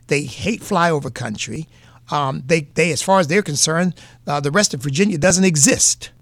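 A man's voice: a little high, moderate pace, a bit bright, no echo. A man with a New England accent giving earnest, folksy political commentary as a radio host, repeating points for emphasis.

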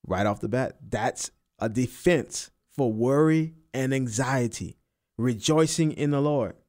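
A man preaching a sermon, repeating and stressing key phrases and rising in pitch on the emphatic ones. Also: a little slow, darkish tone. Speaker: pastor.

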